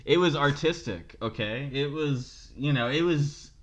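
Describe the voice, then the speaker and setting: A man's voice: medium pitch, measured pace. A man co-hosting a comedy podcast, hesitant and mock-earnest, often checking "okay?". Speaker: podcast co-host.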